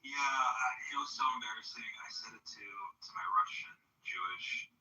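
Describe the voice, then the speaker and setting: A man's voice: fairly low pitch, moderate pace, bright, forceful tone, highs cut off. A young man chatting loosely on a voice chat, full of fillers and sometimes dropping to a whisper. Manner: loose, lots of filler words, drops into whispers. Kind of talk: casual chat on a voice chat app. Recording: echoey and distant with faint noise.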